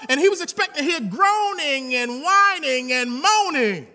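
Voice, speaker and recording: A man, a pastor, preaching a sermon in an animated, folksy way, telling stories with humor and rising to shouts. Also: very high voice, moderate pace, a little hiss or hum.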